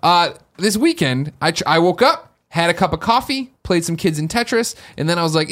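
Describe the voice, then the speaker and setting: A young adult man co-hosting a podcast, telling a story in excitable, animated casual chat. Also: a little high, a little fast, few pauses. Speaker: podcast co-host.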